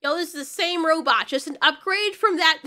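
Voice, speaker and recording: A woman giving a casual, animated show review, swearing and joking as she goes. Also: very high voice, normal speed, soft background music.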